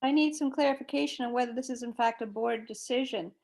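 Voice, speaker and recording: A woman with a fairly high but gravelly voice carefully asks how a board decision should be framed. She joins the meeting over a video call. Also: quick pace, darkish tone. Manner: careful, seeks clarification. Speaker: board member. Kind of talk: meeting discussion.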